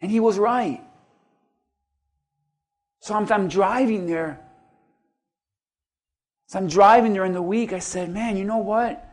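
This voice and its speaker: Male pastor, middle-aged, high-pitched, storytelling preacher who rises to bursts of emphasis. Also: slow pace, long pauses. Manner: storytelling, rising to emphatic peaks. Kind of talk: sermon.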